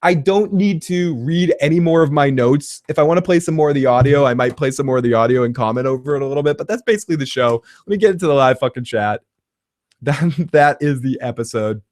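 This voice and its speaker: A man's voice: medium pitch, quick pace, a little mellow, dry recording, studio quality. A man hosting a casual livestream TV recap, talking in a profane, rambling way and laughing often. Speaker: TV recap host.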